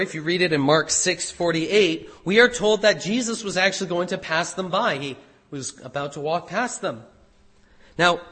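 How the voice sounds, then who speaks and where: A man preaching with a bright, forceful, slightly husky voice that sits a little high. He swings between loud, emphatic declarations and quieter, careful explanation. The sound carries the long reverb of a large hall. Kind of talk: sermon.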